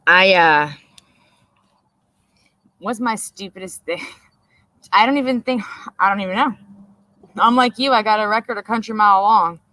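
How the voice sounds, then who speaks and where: A woman's voice: medium pitch, moderate pace, pauses often, bright, forceful tone, no echo. A brash woman chatting casually on a live stream, swearing freely and laughing often. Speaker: co-host.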